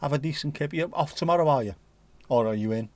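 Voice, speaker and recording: A man's voice: fairly high pitch, quick pace, a little mellow, no echo. A man hosting a casual livestream, reading out viewer messages and rambling jokily with slang and swearing. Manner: rambling, jokey and sweary, full of British slang. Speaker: livestream host.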